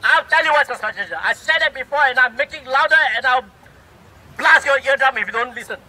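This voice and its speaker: Speaking with extreme high pitch, a brisk pace and a bright, forceful tone, a middle-aged man with a Singaporean English accent scolds the government at an outdoor city rally. The fiery, rhetorical speech comes through on a low-quality recording.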